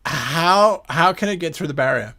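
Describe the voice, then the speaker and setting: A man running a tabletop game as game master, narrating scenes in a measured way with fillers. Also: fairly high pitch, lively intonation, bright, forceful tone.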